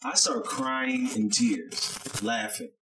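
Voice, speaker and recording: A man's voice: lowish voice, big pitch swings, takes it slowly, pushed and bright, slight background noise, low-quality recording. A man co-hosting a podcast, telling a story in casual chat, acting out the people he quotes and swearing freely. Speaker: podcast co-host, chef.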